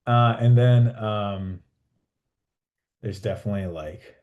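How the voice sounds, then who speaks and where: A man with a low voice chats loosely as the guest in an interview. He rambles, starts his sentences over and over, and swears now and then. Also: moderate pace, darkish tone, highs cut off. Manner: rambling, many restarts and swearing. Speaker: actor guest. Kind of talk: casual interview chat.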